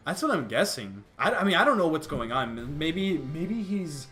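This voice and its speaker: A young man hosting a casual chat, animated, tripping over restarts and laughing between points. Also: fairly high pitch, normal speed, soft background music. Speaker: youtube host.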